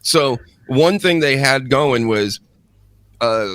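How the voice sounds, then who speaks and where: Bright-voiced ranting podcast host man. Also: expressive, slow, no room sound. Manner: ranting, sarcastic, jumps high when mocking others. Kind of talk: casual wrestling podcast chat.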